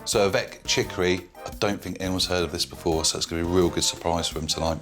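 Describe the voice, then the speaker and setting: A man's voice: low-pitched, steady tone, fast talker. A man from southern England hosting a dinner, chatting to camera about his cooking in an upbeat, boastful way. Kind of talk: casual to-camera chat. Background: music bed.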